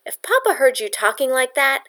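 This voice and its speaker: A woman reading an audiobook, voicing a weary nineteen-year-old former revolutionary with a sharp, exasperated tone. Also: sits high, big pitch swings, moderate pace, voice pushed up, heavily acted.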